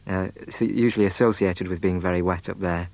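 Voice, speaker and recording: A man describing his home county, hesitant and measured, with many ums and uhs. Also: deep voice, fairly even intonation, vocal fry, darkish tone, no echo. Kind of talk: unscripted spoken description.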